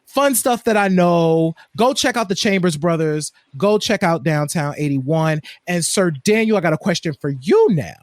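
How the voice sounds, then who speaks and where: A man's voice: on the high side, animated, normal speed, hardly any pauses, dry recording, studio quality. A man co-hosting a podcast, talking in a chatty, digressive way. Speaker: podcast co-host. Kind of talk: casual chat.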